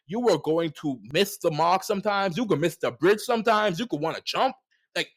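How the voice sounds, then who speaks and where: Animated young man hosting a podcast. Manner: animated, playful riffs with big swings in pitch and loudness. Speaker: podcast host. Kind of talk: reflective solo podcast monologue.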